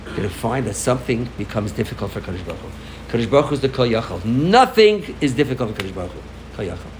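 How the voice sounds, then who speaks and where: Lively, animated male rabbi preaching. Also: mid-range voice, slight background noise, rough recording. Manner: animated storytelling, swings between loud emphasis and soft asides. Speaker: rabbi giving a farbrengen talk. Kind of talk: informal sermon to a congregation.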